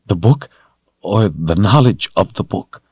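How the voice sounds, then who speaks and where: A man's voice: low-pitched, animated, unhurried, husky, no room sound, dull audio, pitched above the performer's own voice, full character voice. A man voicing a terrified young male captive under torture who talks in a fearful, strained, pleading way.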